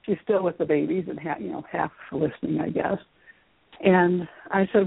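Middle-aged lady telling a story on a call, kinda gravelly, phone sound, dry. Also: deep voice, moderate pace. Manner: animated, acts out childhood dialogue. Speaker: guest, Reiki teacher. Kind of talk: storytelling in an interview. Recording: phone-line call-in audio.

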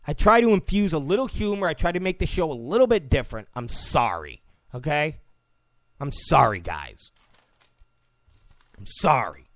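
Male talk show host, fairly high voice, very animated delivery, teasing and mock-apologetic, dry close sound. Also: normal speed, long pauses, dry recording. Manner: mocking, joking, mock-apologetic. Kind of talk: political talk show monologue.

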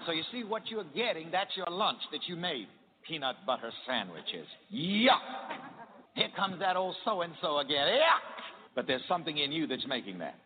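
A man's voice: on the high side, sing-song, normal speed. A man preaching a sermon, leading his congregation in call-and-response and repeating phrases for them to echo back. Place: church hall with a congregation. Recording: tinny archival sermon recording in a reverberant hall.

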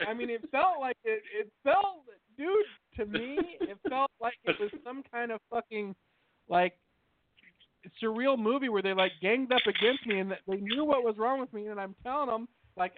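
A man's voice: very high voice, lively intonation, moderate pace. A man co-hosting a podcast, telling a story in a heated, profane way during casual chat. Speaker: podcast co-host. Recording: tinny phone-like line, dry.

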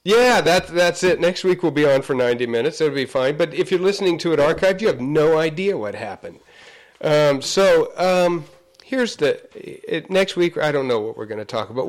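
A man's voice: on the high side, lively intonation, normal speed. Rambling, laughing male sports co-host. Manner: rambling, laughing, trails off mid-sentence. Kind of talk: casual sports chat. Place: studio. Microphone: studio mic.

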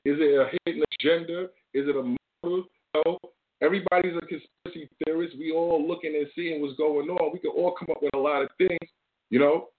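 A man's voice: a little high, fairly even intonation, a little fast. A man hosting his own show, ranting casually in loose slang with lots of swearing. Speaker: show host. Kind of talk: casual rant to camera. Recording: tinny phone-like audio.

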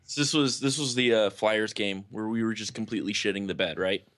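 A man's voice: fairly low pitch, a little fast, a bit bright, dry recording. A man chatting casually on a sports podcast, telling long stories padded with many fillers. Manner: rambling storyteller, many "you know" fillers. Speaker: podcast co-host or guest.

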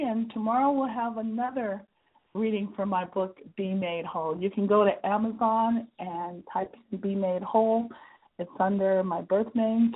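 Brief: woman, mid-pitched and husky, reading her own memoir aloud, earnest and measured, tinny phone-like line.

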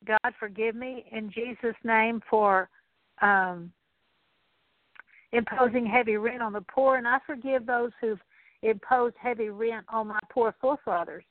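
A middle-aged woman leading a spoken prayer of repentance, slow and halting, with many fillers and repeated words. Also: a little high, fairly even intonation, no echo. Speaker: Christian teacher. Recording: tinny dry phone-like radio recording.

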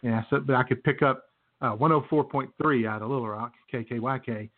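A man's voice: medium pitch, brisk. Rambling male radio co-host, tinny. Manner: rambling storyteller with many fillers. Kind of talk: casual chat. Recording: tinny phone-like sound.

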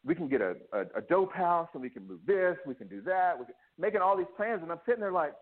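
Over a tinny, phone-like line, a man being interviewed tells a candid personal story in a voice a little high for a man. His pitch swings widely, and he's emotional, restless and fast, stopping and restarting often while acting out what other people said.

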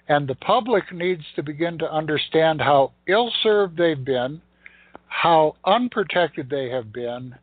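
A man's voice: a little high, no echo. A man, a beekeeper guest in an interview, speaking bluntly and emphatically with indignation. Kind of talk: interview talk. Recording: tinny phone line, dry.

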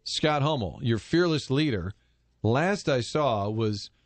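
A man's voice: medium pitch, expressive, takes it slowly, no echo. Upbeat male sports radio host, dry studio sound. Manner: upbeat, jokey, plugs sponsors. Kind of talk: casual sports radio chat and live reads.

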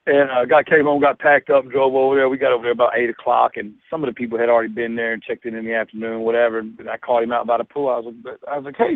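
A middle-aged man with a Southern US twang talks as a guest, rambling and chatty, stacking up fillers and restarts. His voice sits at an ordinary pitch. It comes through a dry, narrow, phone-like line. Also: no room sound. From Florida. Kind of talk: casual chat.

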